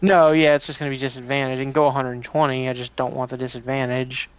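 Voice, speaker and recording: A man's voice: medium pitch, little pitch movement, quick pace, slight background noise. A man as a player in a tabletop game, thinking his moves through aloud and groaning at bad luck. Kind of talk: casual tabletop game chat.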